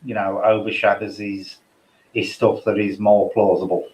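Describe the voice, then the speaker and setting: A man with a fairly low voice co-hosting a casual podcast. He drops wry, joking asides, and his voice echoes around the room. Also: flat delivery, normal speed, a little mellow. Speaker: podcast co-host. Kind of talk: casual chat.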